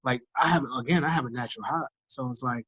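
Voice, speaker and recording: Husky man in his thirties from Trinidad, worn out by illness, animated storyteller, dry close sound. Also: mid-range voice, quick pace, dry recording. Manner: animated storyteller, acts out quoted voices. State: fatigued, recovering from illness. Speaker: guest, firefighter recovering from illness. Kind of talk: casual interview over a call.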